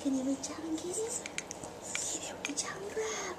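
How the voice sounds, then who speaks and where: A woman's voice: extremely high pitch, animated, normal speed, low-quality recording. A woman cooing baby talk to her infant at home in a sing-song way, filmed on a home video camera. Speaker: baby's mother. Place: home, indoors. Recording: home video with background noise.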